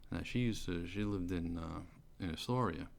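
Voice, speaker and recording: A man's voice: low-pitched, normal speed, vocal fry. A middle-aged man, telling a personal story in casual, rambling speech full of fillers and restarts. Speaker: storyteller recounting his sentencing. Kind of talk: casual spoken testimony. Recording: faint background noise.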